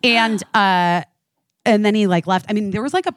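A young adult woman telling a story in casual chat, profane and animated, acting out the lines of the people in it. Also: mid-range voice, normal speed, no room sound, studio quality. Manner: profane, animated, acts out quoted dialogue. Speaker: storyteller on a talk show.

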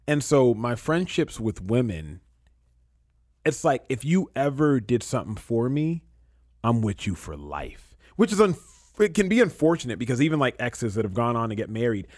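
A man's voice: medium pitch, big pitch swings, normal speed, no echo, studio quality. A man in his thirties, a podcast guest talking earnestly and reflectively, often repeating phrases as he works through feelings. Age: 30s. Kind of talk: emotional casual conversation.

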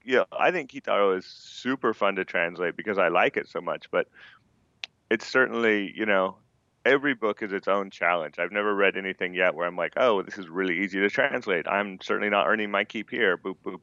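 Low-voiced, bright, animated man. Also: smooth, dry recording, lo-fi sound. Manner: animated, opinionated, frequent "you know" fillers. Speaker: manga translator guest. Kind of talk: podcast conversation.

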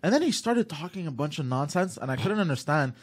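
A man in his mid-twenties recounts a night out in easy podcast chat. His pitch swings widely as he tells it. He slips into loud, heated voices whenever he quotes someone. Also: quick pace. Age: 20s. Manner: animated, acts out quotes loudly. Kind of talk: casual storytelling chat.

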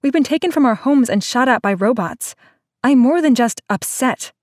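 Woman voicing an indignant young woman, sputtering, raised pitch. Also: lively intonation, moderate pace, no echo, clean studio sound, natural voice. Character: upset young woman near tears.

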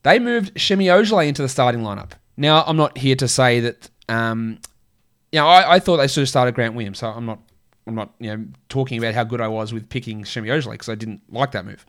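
A man's voice: medium pitch, a bit bright. Crackly-voiced man rattling off stats. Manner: rattles off stats in quick lists, chatty and opinionated. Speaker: podcast host. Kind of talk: casual fantasy sports podcast talk.

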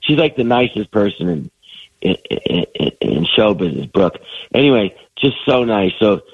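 A man's voice: on the low side, big pitch swings, normal speed, breathy edge, no room sound, phone-quality sound. Phlegmy middle-aged man with a cold. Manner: rambling storyteller, self-deprecating. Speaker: comedian guest. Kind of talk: casual chat.

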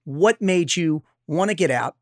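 A man's voice: a little high, expressive, measured pace, no echo, clean studio sound. A man hosting a podcast interview, blunt and enthusiastic, with casual profanity. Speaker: podcast host, former SEAL.

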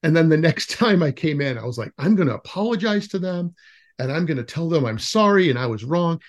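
A man's voice: on the high side, a little fast. A man podcast host telling stories with a laugh. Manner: laughs often, animated when retelling stories. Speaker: podcast host interviewing an educator. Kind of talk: casual conversational storytelling.

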